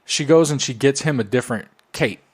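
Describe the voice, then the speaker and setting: A man's voice: mid-range voice, a little fast, a little hiss or hum. A man co-hosting a podcast, telling a rambling story in casual, profane chat. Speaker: podcast co-host.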